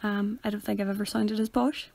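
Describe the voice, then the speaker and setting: This is a young Northern Irish woman co-hosting a podcast and chatting casually, full of jokes and quick banter. Her voice sits in a mid range. The recording is close and dry, with no room sound. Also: mid-range voice, little pitch movement, creaky, darkish tone, dry recording. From Northern Ireland. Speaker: podcast co-host. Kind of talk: casual chat.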